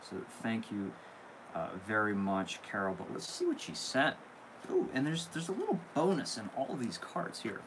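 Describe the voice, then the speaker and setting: Man, young adult, live-stream host, casual chat, effusive thanks, middle pitch. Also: sing-song, moderate pace, background noise. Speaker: candle channel host.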